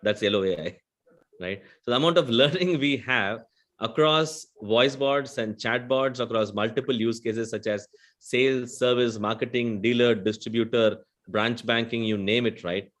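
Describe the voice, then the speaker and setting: A man's voice: medium pitch, moderate pace, a bit bright. South Indian man explaining on a panel. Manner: explanatory, often adds a questioning "right?". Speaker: conversational AI vendor panelist. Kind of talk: panel discussion.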